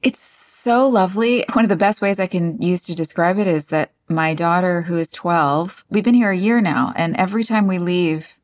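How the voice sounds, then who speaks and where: Woman in her 40s, from down south, chatty and lively, tells her stories with a bit of a laugh at herself, lowish voice. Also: moderate pace, hardly any pauses. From southern United States. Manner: lively storyteller, expressive and self-deprecating. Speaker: guest. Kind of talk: casual chat.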